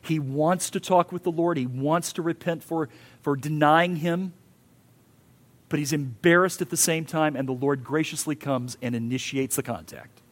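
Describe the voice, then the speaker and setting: A man's voice: fairly high pitch, steady tone, moderate pace. Earnest male pastor preaching. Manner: earnest, emphatic, rises and falls in intensity. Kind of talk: sermon.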